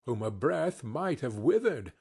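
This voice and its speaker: A man doing a quiet, grave ghost. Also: mid-range voice, sing-song, creaky, slightly rough, exaggerated voice. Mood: solemn. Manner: quiet, measured. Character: calm ghostly spirit, gentle and grave.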